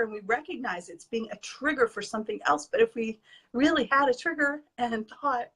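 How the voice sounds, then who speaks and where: A woman's voice: high-pitched, brisk, a bit bright, slightly rough. A woman guest earnestly sharing a personal spiritual experience, emotional and sincere, at times reading from her notes. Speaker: guest, spiritual advising student. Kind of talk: heartfelt personal sharing in an interview.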